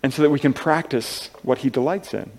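A man preaching a sermon in an earnest, halting way, with many restarts, moving between soft and loud passages. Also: medium pitch. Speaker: pastor.

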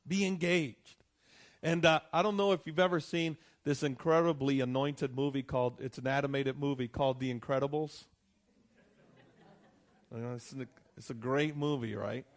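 A man preaching in a slightly higher register than most men. He talks to the congregation in an easy, conversational way, often asking "right?" and circling back to repeat his points. At times he presses a line harder for emphasis. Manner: conversational preaching with frequent "right?" and restarts, rising to emphatic peaks. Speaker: pastor. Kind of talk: sermon.

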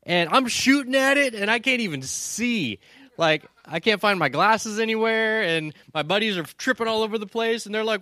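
A man telling a lively story with many restarts, building toward a lesson. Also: sits high, normal speed, no room sound. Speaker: speaker. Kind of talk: storytelling sermon.

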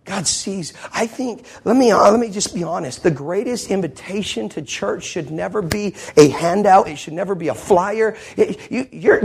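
A man's voice: sits high, expressive, moderate pace, vocal fry, hardly any pauses, a little mellow, slightly rough. A pastor preaching a fervent sermon to his congregation in church, asking many rhetorical questions.

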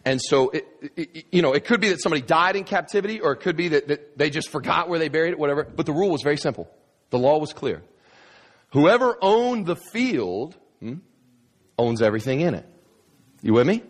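Male preacher telling a story all animated and jokey, voice swoops up and down a lot, pretty high for a guy. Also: a little fast. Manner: animated storyteller, humorous, with frequent stammered restarts. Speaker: pastor. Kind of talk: sermon.

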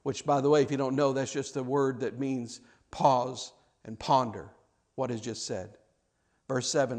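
A man preaching a sermon, dramatic, swinging between loud cries and hushed tones, often repeating words. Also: medium pitch, steady tone, measured pace.

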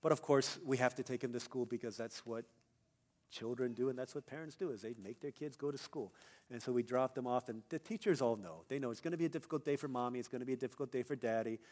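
A young male pastor preaching a sermon, telling a personal story and building to loud, emphatic peaks. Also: mid-range voice.

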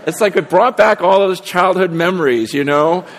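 With a high voice at normal speed, a pastor delivers a sermon in a church sanctuary where a long reverb tail lingers and a faint crowd can be heard. His talk is frank and meandering, full of self-mockery and frequent restarts.

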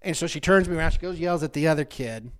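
A middle-aged man telling stories in casual chat, animated, laughing often and breaking off his own sentences. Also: on the high side, fast.

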